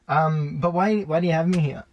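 A man's voice: a little high, a little fast, muffled recording, very noisy. A man co-hosting a casual podcast chat, with a nasal voice and a self-mocking, chatty manner, recorded on a phone in a small capsule. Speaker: podcast co-host. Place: small sleeping capsule in a hostel.

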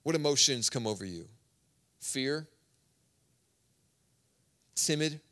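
A man preaching a sermon in a conversational, storytelling way, swinging between loud bursts and hushed asides. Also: mid-range voice, lively intonation, slow pace.

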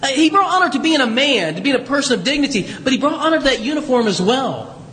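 Older priest with a high voice. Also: male voice, big pitch swings, fast, sharp tone, a little hiss or hum. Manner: conversational, folksy, with chuckles and asides. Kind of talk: homily. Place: church. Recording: reverberant church from a distance.

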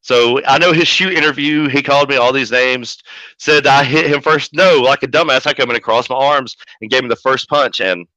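A man who manages pro wrestlers, telling a story as a podcast guest in a profane, animated way. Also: medium pitch, moderate pace, no room sound. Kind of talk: casual storytelling. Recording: dull lo-fi audio.

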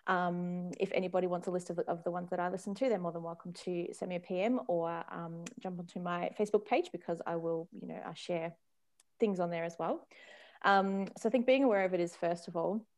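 A woman's voice: fairly low pitch, steady tone, a little fast, a little mellow. A woman in her thirties, a parenting consultant, chatting casually as a podcast guest, laughing often and acting out little quoted voices. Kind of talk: casual conversational chat.

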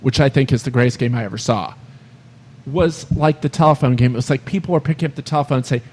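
A man's voice: medium pitch, fast talker, darkish tone. A man hosting a casual sports podcast, rambling through long baseball stories full of "you know" and "I mean".

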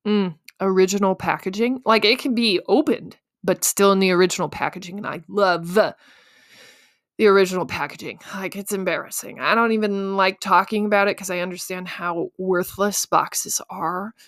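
Young woman, podcast host, casual storytelling, self-mocking, lively delivery. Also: medium pitch, moderate pace. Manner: animated, self-mocking, acts out her own panicked inner voice.

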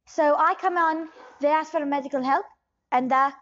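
A woman's voice: sits high, moderate pace, a bit bright, lo-fi sound. A woman improvising a shady scam doctor who rambles, hesitates and drifts between put-on accents. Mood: boastful. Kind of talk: improv comedy scene.

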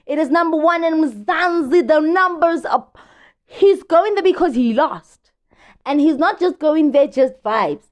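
A woman with a high-pitched voice hosts a podcast about celebrity gossip, talking in a slangy, chatty way and stretching out words for emphasis.

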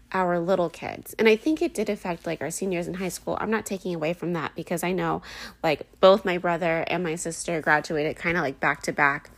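A woman in her thirties hosting a casual personal podcast, talking candidly and emotionally with lots of "like" and "um" fillers. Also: lowish voice. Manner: chatty, many "like" and "um" fillers. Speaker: podcast host.

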